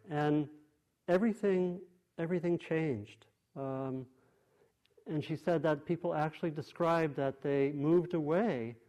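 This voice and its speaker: A man teaching meditation, giving a dharma talk to a group in a meditation hall, thoughtful and unhurried, with frequent pauses and restarts. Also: a little high, a little mellow.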